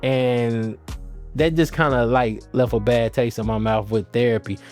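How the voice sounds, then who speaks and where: Faint guitar music sits in the background as a channel host speaks to camera in a mid-range, steady, darkish voice at a measured pace. He keeps it casual and slangy, rambling and frequently starting his sentences over.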